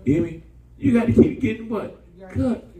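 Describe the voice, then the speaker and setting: A man preaches a sermon in call-and-response style, his dark, mellow voice leaping from low rumbles into high, animated peaks. He is recorded from a distance in a roomy church. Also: normal speed.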